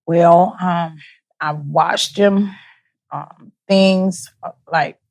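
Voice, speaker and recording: Woman, interview guest, bereaved mother, soft-spoken, halting, repeats words, somewhat low voice. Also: steady tone, creaky. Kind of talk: personal testimony in conversation.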